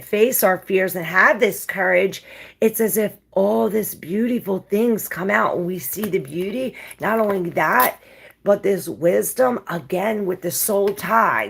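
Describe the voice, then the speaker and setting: A woman's voice: mid-range voice, gravelly. A woman giving a casual tarot reading, musing and rambling in a dreamy way with many fillers. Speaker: tarot reader.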